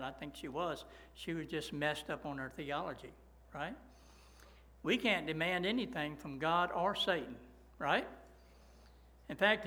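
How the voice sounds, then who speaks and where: A man's voice: a little high, bright, forceful tone, rough recording. A middle-aged man preaching a sermon as a pastor, folksy and emphatic, often asking "right?".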